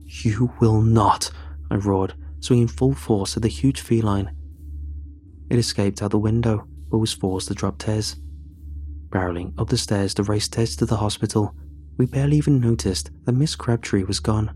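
A man narrating a horror story in a measured, somber way. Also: on the low side, warm tone, slight background noise.

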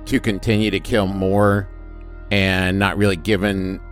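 A man's voice: low-pitched, flat delivery, a little slow, faint music behind. A man playing a tabletop game, talking casually as a player.

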